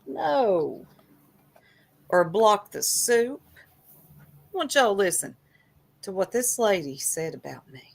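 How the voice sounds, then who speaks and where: A woman's voice: mid-range voice, big pitch swings, takes it slowly, gravelly, long pauses. A woman co-hosting a livestream, chatty and teasing as she reads the chat aloud. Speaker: livestream co-host.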